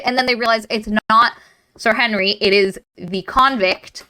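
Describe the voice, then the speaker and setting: A woman hosting a casual book club podcast, retelling a novel with profanity and quick put-on character voices. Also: fairly high pitch, poor audio. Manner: animated, profane, acts out characters in silly voices.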